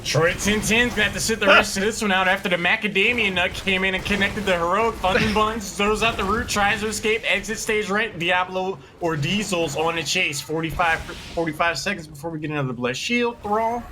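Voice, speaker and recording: High-voiced esports play-by-play caster. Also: male voice, background noise. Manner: quick, punchy play calls with wry quips.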